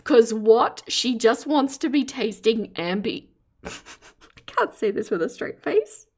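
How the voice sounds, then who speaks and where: A woman hosting a live stream, with a fairly high voice, chatting casually and breaking into giggles. She greets her chat and teases what's on screen playfully. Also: expressive, takes it slowly, darkish tone. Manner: giggly, laughs often, reads chat aloud; playful teasing commentary.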